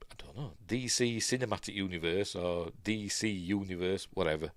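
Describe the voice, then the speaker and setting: A man's voice: sits low, normal speed, dry recording. An older man with a Yorkshire accent, hosting a casual news live stream, rambling and reading chat comments aloud. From Yorkshire, England.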